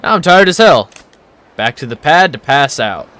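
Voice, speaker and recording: A man giving joking, excitable commentary while playing a video game. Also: a little high, moderate pace. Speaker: gaming streamer. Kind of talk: let's play commentary.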